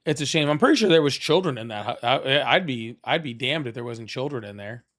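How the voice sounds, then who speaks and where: A man's voice: mid-range voice, animated, fairly bright tone. A man hosting a live political call-in stream, chatting casually and pressing callers hard. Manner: argumentative, quick to press callers.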